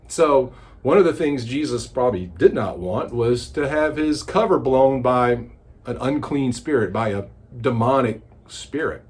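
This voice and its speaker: A man teaching a daily devotional Bible study, retelling the story with animated, dramatic storytelling. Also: mid-range voice, a little slow.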